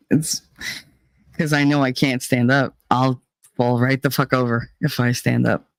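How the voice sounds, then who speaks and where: A woman chats casually to her viewers in a gravelly voice, rambling from one thought to the next and swearing freely. She sounds shaky and dizzy after a panic attack. The recording is close and dry. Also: extremely low pitch, fairly even intonation, unhurried, no echo. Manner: rambling, swearing, laughing often. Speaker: streamer chatting with viewers. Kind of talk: casual live-stream chat.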